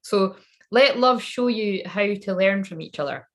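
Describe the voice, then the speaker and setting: A woman's voice: medium pitch, unhurried. A woman giving a psychic reading in a casual, rambling monologue. She swears freely and laughs at her own jokes. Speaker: psychic reader channeling messages.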